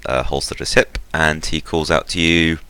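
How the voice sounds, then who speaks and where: A man's voice: extremely low pitch, steady tone, moderate pace, pushed and bright, smooth, no room sound. A man narrating a tabletop game as game master, rambling with many fillers.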